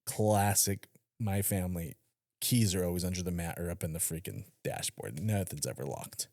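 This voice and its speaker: A man with a low voice talks at a moderate pace in a clean, studio-quality recording with no room sound. Co-hosting a podcast, he tells stories in a loose, profane chat, animatedly acting out quotes and swearing freely.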